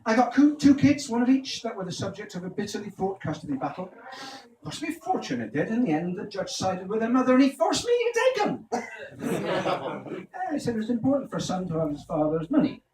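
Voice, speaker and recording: A high-voiced man works through a stand-up set, his pitch leaping around as he fires off jokes and throws questions at the crowd. He is recorded from a distance in a live venue, so the sound is echoey with clear background noise. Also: sing-song, a little fast, a little mellow. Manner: punchy joke-telling, quizzes the audience. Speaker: stand-up comedian.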